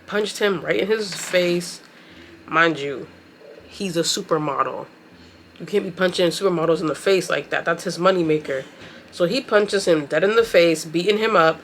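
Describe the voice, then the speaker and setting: A woman vlogger giving a chatty, slangy recap of a show while doing her makeup, very expressive as she talks. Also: fairly low pitch, normal speed, slight background noise. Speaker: beauty and anime vlogger.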